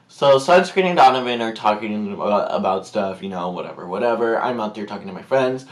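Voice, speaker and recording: A man's voice: medium pitch, brisk, hardly any pauses. A young man telling a story in a casual vlog, rambling and hesitant, with many fillers and restarts. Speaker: vlogger.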